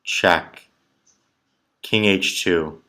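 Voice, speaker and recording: A man working on chess tactics puzzles thinks aloud, clipping his muttered moves short. His low-pitched voice has a sharp tone, and he draws his words out.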